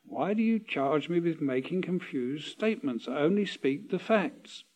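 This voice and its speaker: A man's voice: a little high, lively intonation, unhurried, a little mellow. A man reading as an earnest young disciple. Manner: matter-of-fact replies. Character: earnest young male disciple, plain-spoken.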